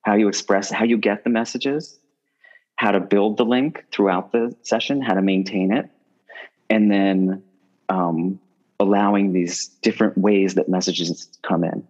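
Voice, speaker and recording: A man, a guest medium, talks casually in an interview, rambling, often restarting his phrases and getting animated when he tells stories. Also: lowish voice, measured pace, dull audio.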